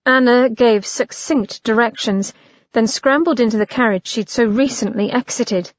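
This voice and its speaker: Slow, measured woman audiobook narrator. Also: fairly high pitch, no room sound, lo-fi sound. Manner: measured, expressive reading.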